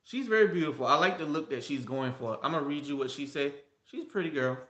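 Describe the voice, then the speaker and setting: Fast and fairly bright, this man's high-leaning voice runs through celebrity gossip with firm opinions, repeated words, and direct address to his audience. He's a gossip vlogger giving casual commentary, recorded with a roomy sound.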